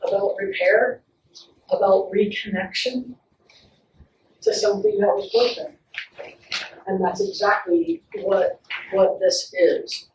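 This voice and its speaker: A woman play therapist giving a faith-based parenting talk, telling stories with animated acted-out quotes. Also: medium pitch, slow, pauses often, slight background noise. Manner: warm, animated storytelling with acted-out quotes and laughs. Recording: echoey room, picked up from a distance.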